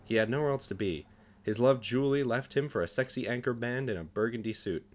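A young man who co-hosts a podcast reads his comedic fan fiction aloud, fairly quickly and at medium pitch. He acts out the dialogue and laughs at his own jokes.

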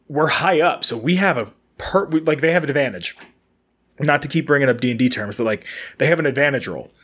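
A man's voice: mid-range voice, fairly bright tone, breathy edge. A man hosting a casual solo podcast, rambling and correcting himself as he talks. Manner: rambling, chatty, self-correcting, laughs easily. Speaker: podcast host. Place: indoors in a building he recently moved into. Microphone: camera and microphone setup.

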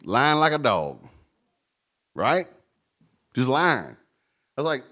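A man's voice: medium pitch, sing-song, slow pace, long pauses, pushed and bright. A man pastor preaching a sermon in a conversational way, with humorous stories and asides between scripture readings.

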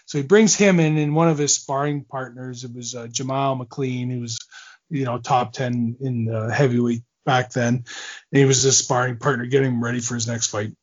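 A man's voice: mid-range voice, steady tone, moderate pace, lo-fi sound. A man in his forties, a former hockey player, telling long stories in a casual interview, rambling with fillers, restarts and laughs.

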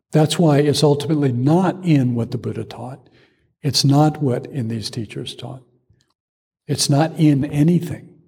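A male Zen teacher giving a dharma talk, telling stories in a measured way with pauses. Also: medium pitch, gravelly, warm tone, slightly rough. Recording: long hall reverb.

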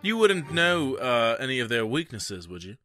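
A man's voice: medium pitch, very animated, moderate pace, bright, forceful tone, soft background music. A young man playing a tabletop game with joking, reactive remarks. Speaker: player.

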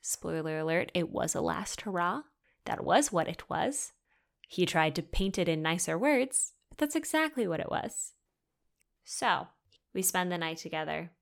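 A woman's voice: on the low side, expressive, unhurried, vocal fry. A young woman hosting a podcast alone, candidly retelling a personal story with lots of quoted dialogue and swearing. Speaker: podcast host. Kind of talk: solo storytelling chat.

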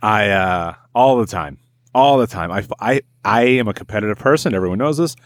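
A man's voice: on the low side, lively intonation, brisk, no echo. A man co-hosting a casual podcast, ranting profanely and animatedly, with laughs. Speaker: podcast co-host. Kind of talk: casual chat.

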